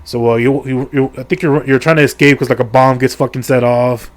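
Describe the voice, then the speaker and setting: A man's voice: mid-range voice, steady tone, fairly quick. A middle-aged man casually recapping a video game's story, rambling with crude jokes, heavy swearing and lots of fillers. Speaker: gaming video creator.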